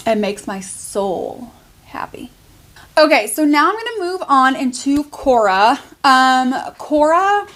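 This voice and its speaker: A woman hosting her own haul video, talking in a chatty, gushing way with lots of filler words. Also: fairly high pitch. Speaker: channel host. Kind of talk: casual haul vlog.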